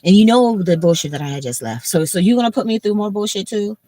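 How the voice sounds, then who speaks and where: A woman's voice: mid-range voice, lively intonation, quick pace, mellow, dry recording, low-quality recording. A woman hosting a casual livestream from her car, venting emotionally and bluntly with lots of filler words and swearing. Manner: emotional, rambling, heavy filler "like"; blunt and profane. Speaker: livestream host. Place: in a moving car.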